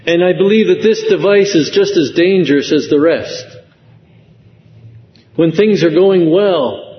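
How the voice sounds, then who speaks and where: Male preacher, slow and earnest, somewhat high voice, lo-fi church-hall recording. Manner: slow, earnest preaching with rising emotional emphasis. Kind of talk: sermon. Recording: dull lo-fi sound with long hall reverb.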